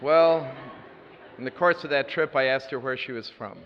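A man preaching a sermon as a story, earnest with dry asides, moving between loud and hushed delivery. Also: mid-range voice, moderate pace, a little hiss or hum. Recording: reverberant hall, dull lo-fi sound.

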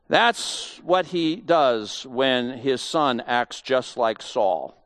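A man's voice: mid-range voice, expressive, very slow, few pauses, a bit bright, dry recording, clean studio sound. A man giving a conversational Bible teaching, emphatic and full of rhetorical questions.

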